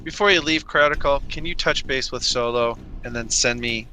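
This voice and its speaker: Man, brash, profane, very bright voice, casual gaming chat. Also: medium pitch, normal speed, a little hiss or hum. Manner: brash and profane, laughs at his own stories. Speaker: gamer in a team voice chat.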